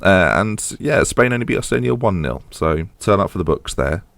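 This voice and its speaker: A man's voice: deep voice, lively intonation, moderate pace, gravelly, a bit bright, dry recording. A young man giving chatty, wry commentary over a football management game, often breaking off mid-sentence. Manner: chatty, wry, self-interrupting. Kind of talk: casual gameplay commentary.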